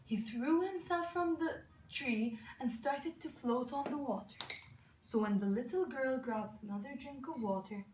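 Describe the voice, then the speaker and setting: Woman, higher voice, storytelling, slow and halting, echoey room, distant mic. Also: noisy background. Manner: slow, halting, frequent restarts on words; asks listeners questions. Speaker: student storyteller. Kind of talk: storytelling read aloud.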